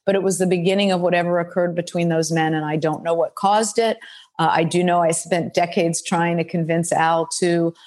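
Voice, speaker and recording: A woman's voice: on the low side, fairly even intonation, fairly quick, a little mellow. An older woman speaking bluntly and frankly as an interview guest, recounting her career in a forthright storytelling manner. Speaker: guest, former football executive. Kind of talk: interview conversation.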